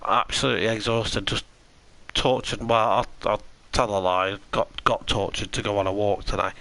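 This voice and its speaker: A man's voice: fairly low pitch, steady tone, moderate pace, creaky, bright, forceful tone, poor audio. A tired man giving chatty, rambling commentary on a live sim racing stream and answering his chat.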